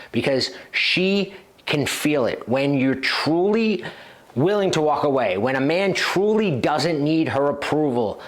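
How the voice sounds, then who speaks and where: A man's voice: a little high, fairly bright tone. A man teaching as a dating coach, speaking directly and confidently and acting out short example lines. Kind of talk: instructional talk to camera.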